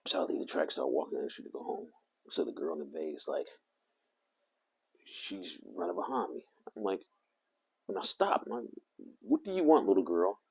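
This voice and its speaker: Gravelly, husky man telling a story. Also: sits low. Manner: animated, swinging from loud to hushed as he retells. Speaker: vlogger. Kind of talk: rambling personal storytelling.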